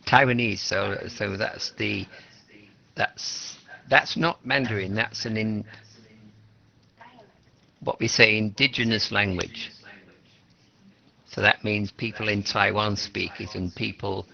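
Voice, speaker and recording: A man's voice: lowish voice, fairly even intonation, takes it slowly, gravelly, pauses often, pushed and bright. A middle-aged Australian man teaching an English class, explaining patiently and asking students questions. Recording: lo-fi classroom recording.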